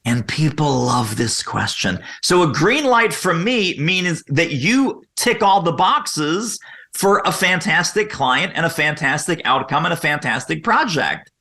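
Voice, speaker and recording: A man guest on a podcast interview, explaining sales methods energetically and acting out quoted questions in lively voices. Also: on the high side, a little slow.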